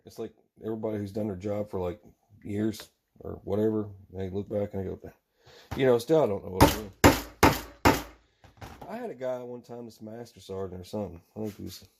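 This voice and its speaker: A man's voice: lowish voice, a little fast, creaky, mellow, slight background noise. A man in his thirties who rambles casually and chuckles to himself as he works at a bench, talking to viewers. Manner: rambling, chuckling, talks to himself while working. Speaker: channel host making knife gear.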